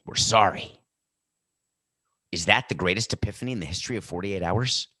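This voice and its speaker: A man's voice: low-pitched, very fast, bright, forceful tone, dry recording, clean studio sound. A man hosting a sports podcast, talking in a sarcastic, mocking way. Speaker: podcast host.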